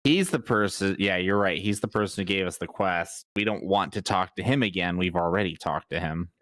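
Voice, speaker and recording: Male player, very low voice, dry sound, halting. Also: fairly bright tone, no echo. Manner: halting, self-correcting. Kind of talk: tabletop game chat.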